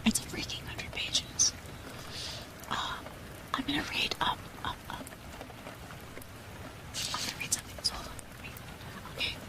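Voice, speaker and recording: A woman streamer in whispered role-play, softly whispering a long text aloud and stumbling over hard words, into a binaural mic. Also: measured pace, long pauses, rough recording. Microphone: binaural dummy-head mic.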